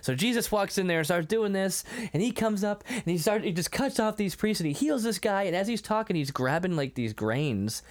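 A man's voice: high-pitched, animated, fairly quick, hardly any pauses. A man co-hosting a podcast in casual chat, who laughs often and acts out the lines of the people he talks about. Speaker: podcast co-host.

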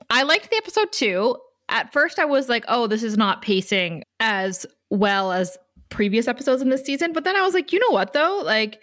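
A woman's voice: medium pitch, a bit bright, no echo, clean studio sound. Giggly, tired woman podcast co-host. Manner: laughs often, loopy and joking. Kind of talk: casual podcast chat.

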